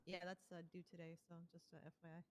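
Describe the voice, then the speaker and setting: A woman giving quick, offhand reminders in a roleplay meeting. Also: fairly low pitch, completely flat delivery. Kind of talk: casual roleplay chat.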